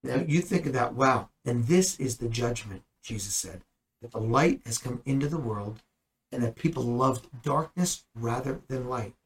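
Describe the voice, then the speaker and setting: A man's voice: medium pitch, animated, moderate pace, breathy edge, rough recording. A man teaching the Bible in a conversational way, earnest and at times emphatic. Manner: earnest, rising to emphatic bursts.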